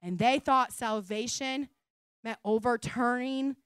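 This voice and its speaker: A woman pastor preaching a sermon in a conversational style, rising to emphatic calls and then dropping to soft asides. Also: on the high side, slow, clear, resonant tone, no room sound. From United States.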